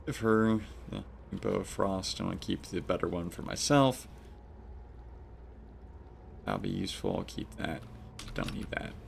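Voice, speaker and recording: A man's voice: sits low, unhurried, gravelly, long pauses, a little hiss or hum. A man with a stuffy, congested voice, chatting casually to his viewers while he plays and comments on a game live. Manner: chatty, addresses chat. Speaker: streamer.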